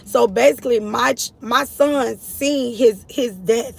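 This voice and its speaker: A woman's voice: a little high, a little slow, vocal fry, rough recording. A middle-aged woman giving a personal testimony about her late son, earnest and repetitive, speaking to her listeners as y'all. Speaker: grieving mother sharing her story. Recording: outdoor street noise, vehicles passing.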